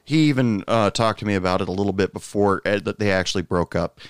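A man casually telling a long personal anecdote, rambling with fillers and asides, jumping up in pitch when quoting others. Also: fast, smooth, dry recording, studio quality. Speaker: storyteller.

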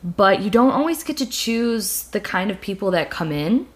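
Young woman host, casual candid chat, mid-pitched, rambling delivery. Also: big pitch swings, normal speed. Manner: candid, rambling with many fillers and restarts. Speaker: video creator and podcast host.

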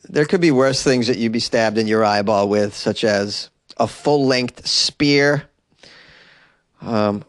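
A man of middle pitch hosts a comic news show from a cramped closet, his voice close and dry with no room sound. He wanders off into joking tangents, then yelps up high when something outrages him. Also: no echo. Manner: rambling, joking asides with sudden high exclamations. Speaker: podcast host and comedian. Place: small closet in an apartment. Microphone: desk mic in closet.

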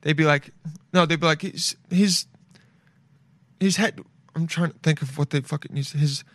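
Young man, comedic rambling riff, crude and sweary, slightly high voice, dry close sound. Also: flat delivery, quick pace, fairly bright tone, no room sound. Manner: crude, swearing, bursts into goofy bits. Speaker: comedic commentator.

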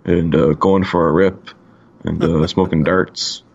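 A laid-back man from Canada co-hosts a casual podcast with a very deep, gravelly voice. He swears freely and leans on "like" between phrases. The sound is a little dull and lo-fi. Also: fairly even intonation, a little slow. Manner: laid-back, swears a lot, lots of "like" fillers. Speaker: podcast co-host.

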